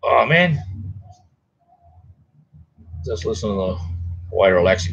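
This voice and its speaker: A man's voice: lowish voice, very animated, unhurried, creaky, fairly bright tone, lo-fi sound. A middle-aged Australian man rambling casually to viewers while hosting a livestream from home. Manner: rambling, laid-back, chatty with viewers. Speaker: livestream host. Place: home, near a garage.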